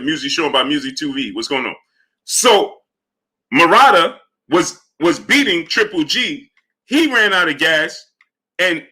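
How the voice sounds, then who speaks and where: Animated bright-voiced male boxing streamer. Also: husky. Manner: animated, repeats "right?" and "you understand?"; low mumbled shout-outs to viewers. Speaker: livestream host. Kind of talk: live boxing commentary and chat shout-outs.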